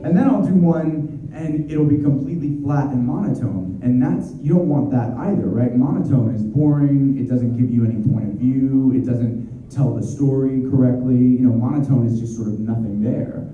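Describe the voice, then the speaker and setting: A man, a voice actor, answering fan questions at a convention in an excitable, energetic, chatty way. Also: mid-range voice, normal speed, hardly any pauses, slight background noise. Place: convention hall. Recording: dull, distant, very echoey hall.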